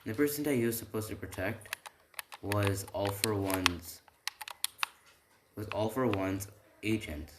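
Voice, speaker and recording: A man's voice: on the low side, measured pace, pauses often, very noisy. A man telling an improvised fan story in a rambling way, with many restarts and tag questions. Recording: echoey room, faint typing.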